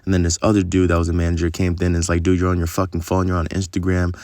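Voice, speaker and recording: A man's voice: sits low, completely flat delivery, very fast, a little mellow, dry recording. A young man telling a long, rambling story in casual, profane vlog talk, full of fillers.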